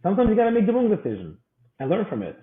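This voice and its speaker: A man's voice: sits high, wildly swooping pitch, very fast. A man who is a guest on a business podcast, telling stories casually and acting out the voices of the people in them. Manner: storytelling, acts out quoted voices. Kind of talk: casual interview talk with acted-out anecdotes. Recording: echoey room over a tinny phone-like line.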